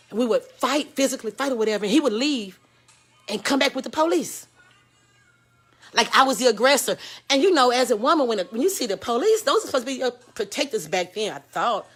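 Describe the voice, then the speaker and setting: A Texas woman, candidly telling a personal story, frank and profane, swinging from loud outbursts to hushed lows. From Houston, Texas. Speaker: host.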